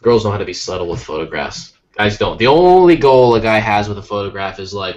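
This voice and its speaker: A joking man co-hosting an art podcast, teasing his co-host while they both draw. His voice sits on the low side, and the audio is slightly dull and lo-fi. He talks in a loose, playful way. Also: animated, a little fast, few pauses. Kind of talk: casual chat while drawing.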